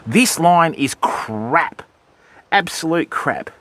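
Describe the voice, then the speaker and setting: Aussie fishing streamer, matey banter, animated and fairly high-pitched. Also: male voice, takes it slowly, very noisy. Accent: Australian. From Australia. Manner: chatty, matey, answering viewers. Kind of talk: casual live-stream chat. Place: beach at dawn, outdoors.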